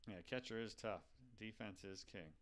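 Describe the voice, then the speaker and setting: A man chats casually while playing a baseball video game live, thinking out loud as he goes. He keeps turning to his viewers to ask for their advice, in an easy, conversational way. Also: on the low side, normal speed. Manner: thinks aloud, chatty, asks the viewers for advice.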